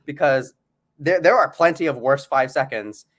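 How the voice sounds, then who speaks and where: A man co-hosting a podcast in casual chat, animated and playful, laughing often. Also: mid-range voice, normal speed. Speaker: podcast co-host.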